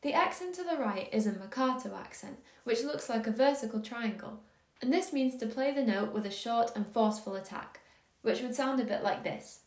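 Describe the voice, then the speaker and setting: A woman giving a scripted music theory lesson, explaining in a calm, measured, clearly paced way. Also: fairly high pitch. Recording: roomy echo on the voice.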